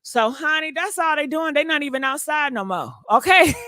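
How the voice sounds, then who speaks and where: A woman's voice: sits high, expressive, measured pace, pushed and bright, no echo, studio quality. A woman hosting a casual livestream, sassy and profane, talking straight to her chat and laughing often. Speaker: livestream commentary host.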